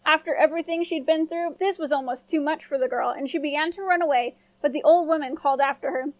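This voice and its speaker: A woman storyteller reading a fairy tale in a gentle, clear voice that sits high. The sound is close and dry, with no room around it. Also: quick pace, hardly any pauses, dry recording, lo-fi sound. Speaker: storyteller, podcast host. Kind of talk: scripted storybook narration.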